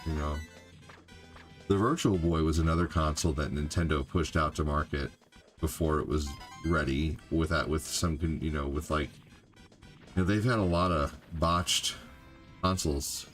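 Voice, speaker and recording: A man's voice: a bass voice, steady tone, moderate pace. An older man chatting casually while streaming gameplay, rambling with lots of "you know" and "like," with game music faintly behind. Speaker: gaming streamer. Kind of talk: live gameplay stream chat.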